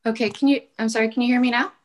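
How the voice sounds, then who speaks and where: A woman's voice: fairly high pitch, fairly even intonation, very fast, rough recording. A woman giving earnest, pleading public testimony over a call, with frequent ums. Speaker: public commenter. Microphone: call-in audio.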